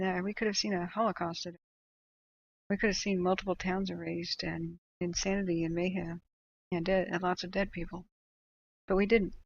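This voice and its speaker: A woman's voice: fairly low pitch, dull audio, slight background noise. A woman hosting a livestream, talking casually and animatedly, with fillers and rants. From United States. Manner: animated, ranting, chatty with laughs and fillers. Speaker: livestream host tracking wildfires.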